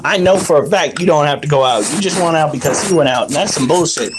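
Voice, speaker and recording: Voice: medium pitch, quick pace. A pet owner talking casually to their dogs at home at night, exasperated and swearing freely at them. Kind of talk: casual talk to dogs while filming. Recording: noisy home recording, dogs around.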